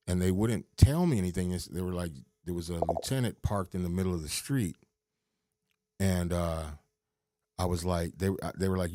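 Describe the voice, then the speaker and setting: A man's voice: low voice, normal speed, dark tone, no room sound, clean studio sound. A middle-aged man hosting a podcast, swearing as he rambles through a personal story with many restarts. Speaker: podcast host.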